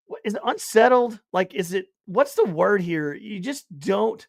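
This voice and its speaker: High-voiced, animated sports-podcast man. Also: measured pace, gravelly, no echo, studio quality. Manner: rambling and animated, loud bursts. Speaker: podcast co-host. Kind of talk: casual sports chat.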